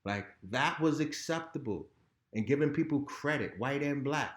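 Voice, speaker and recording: A man's voice: mid-range voice, lively intonation, moderate pace. Blunt, profane man in a roomy space. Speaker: podcast guest. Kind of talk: raw candid conversation. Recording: roomy echo.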